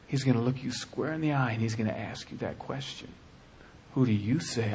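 A man preaching a sermon with passion, dropping to a hush and then rising to shouting. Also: medium pitch, normal speed, husky. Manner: impassioned, swings from hushed to shouting.

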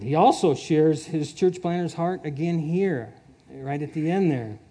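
A man with a high, mellow voice preaches and reads scripture aloud. He talks in an animated way, laughing often as his reading builds in fervor. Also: a little slow, breathy edge.

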